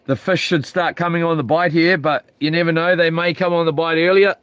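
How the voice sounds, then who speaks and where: Rambling New Zealand man, slightly high voice. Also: little pitch movement, fairly quick, a bit bright, clean tone, lo-fi sound. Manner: rambling, slangy, self-talking. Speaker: vlogger. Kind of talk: casual chat to camera. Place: houseboat on the ocean.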